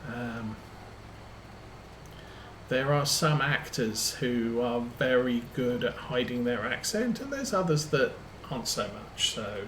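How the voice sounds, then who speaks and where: A man's voice: medium pitch, animated, slow, a bit bright, a little hiss or hum. A man streaming a farming game, telling rambling anecdotes full of ums as he plays. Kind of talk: casual chat while playing a farming game. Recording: roomy echo.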